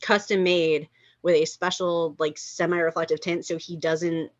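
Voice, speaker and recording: A woman chatting casually over a video call, talking with lots of fillers and lively asides. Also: on the low side, measured pace, no room sound, lo-fi sound. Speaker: cast member of an online table-read group. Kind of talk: casual chat.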